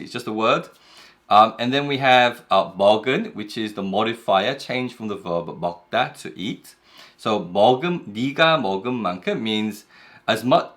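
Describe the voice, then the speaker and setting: Lowish-voiced male Korean teacher. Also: a bit bright. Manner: patient, explanatory, reads Korean example phrases quickly. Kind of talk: explaining Korean grammar in English.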